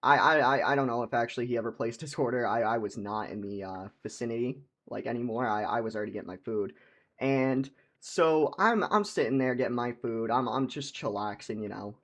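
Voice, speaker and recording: A young man tells a casual storytime vlog tale in a husky voice of middling pitch. He rambles, stumbles over repeated words and leans on "like" constantly. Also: a little fast, fairly bright tone. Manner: rambling, heavy use of "like", laughs, repeats words.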